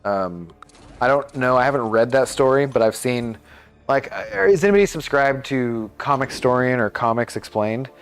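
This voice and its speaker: Guy rambling on his game stream, mid pitch, faint music going behind him. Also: animated, moderate pace, clean tone. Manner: rambling, chatty, thinks aloud with many fillers. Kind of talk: casual live-stream chat.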